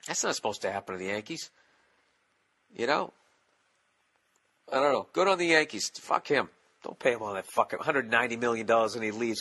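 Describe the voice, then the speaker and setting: Profane, sharp-voiced ranting man. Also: fairly high pitch, animated, moderate pace, pauses often. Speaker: podcast host. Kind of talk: casual solo podcast monologue.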